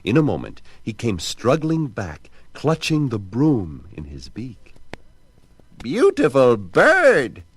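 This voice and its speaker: A man narrating a children's storybook record in an expressive, theatrical way. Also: on the low side, a little slow, few pauses, husky, no room sound.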